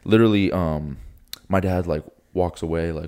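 A man's voice: sits low, fairly even intonation, brisk, few pauses, warm tone, clean tone. A young man in his twenties from Florida, co-hosting a podcast and telling a story in casual chat, acting out quotes with swearing and laughter. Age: 20s. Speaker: podcast co-host.

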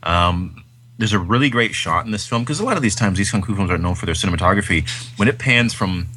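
Deep-voiced man rambling about movies. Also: lively intonation, fast, bright, forceful tone, a little hiss or hum. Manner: rambling, enthusiastic, many fillers. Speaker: podcast co-host. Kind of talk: casual film chat.

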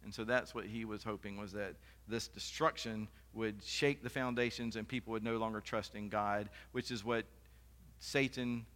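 A man's voice: on the low side, steady tone, normal speed, fairly bright tone. A man preaching a sermon as pastor, in a conversational style with off-the-cuff asides. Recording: long reverb of a hall.

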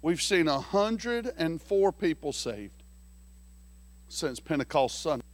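A pastor, telling a folksy story in a sermon and swinging between hushed lines and shouted ones. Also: male voice, a little high, big pitch swings, slow pace, a little hiss or hum.

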